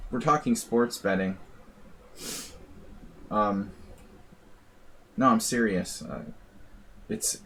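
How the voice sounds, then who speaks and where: A man streaming blitz chess and chatting casually, wry and rambling, laughing at his own jokes. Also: fairly low pitch. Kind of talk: casual live-stream chat.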